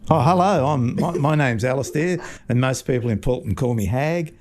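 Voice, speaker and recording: A man in his sixties with an Australian accent, a fish market owner telling relaxed stories in a casual interview. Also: mid-range voice, moderate pace, soft background music. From Scotland. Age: 60s. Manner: relaxed anecdotal storytelling.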